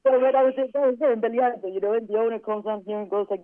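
A man with a high voice tells a personal story in casual chat and animatedly acts out the quoted dialogue. The sound is dry, thin and phone-like. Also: racing, hardly any pauses, dry recording. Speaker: guest.

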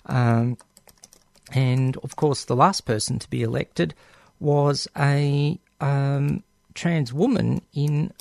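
A man's voice: medium pitch, gravelly, darkish tone, no echo, clean studio sound. A man with an Australian accent hosting a community radio show in casual talk, hesitant and full of ums and restarts.

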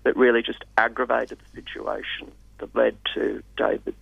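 A man speaking as a radio guest in a measured, hesitant way with many fillers. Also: medium pitch, level tone, vocal fry, husky, no room sound. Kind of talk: radio interview. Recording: dull lo-fi radio sound, dry.

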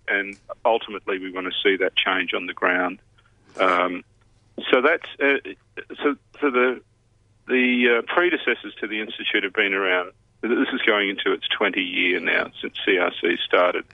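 A man, an institute head interviewed on radio, explaining things in a measured way with many pauses. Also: lowish voice, no room sound. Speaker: CEO of a health research institute. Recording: muffled phone line.

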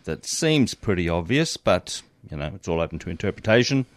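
A man's voice: deep voice, very animated, brisk, no room sound. Hesitant man quizzing his co-host. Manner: quizzing, hesitant with many ums. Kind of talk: casual sports chat.

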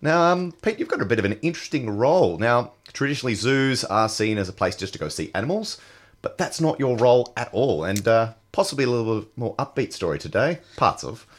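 A man's voice: medium pitch, lively intonation, brisk. A man with an Australian accent hosting a casual community radio chat, laughing easily and using plenty of fillers. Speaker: radio show host.

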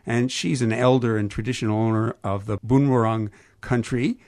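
A male radio host with a Canadian accent interviews guests in a studio, pausing and restarting often. His voice sits at a middling pitch. The sound is dry and close. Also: steady tone, darkish tone, dry recording. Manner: halting, stumbles over names.

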